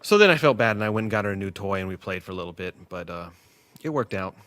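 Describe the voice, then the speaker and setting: A man's voice: lowish voice, lively intonation, fast talker, fairly bright tone, no room sound. A man rambling casually as host of a test livestream at work, joking and losing his train of thought. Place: workplace.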